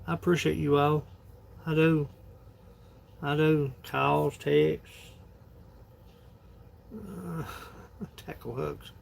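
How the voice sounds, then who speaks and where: A man with a drawl and a deep gravelly rasp rambles folksily through a phone livestream. His voice sits a little high for a man. Faint noise hums in the background. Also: fairly even intonation, extremely slow, long pauses. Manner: folksy, rambling, laughs often. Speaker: livestream host. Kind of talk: casual livestream chat.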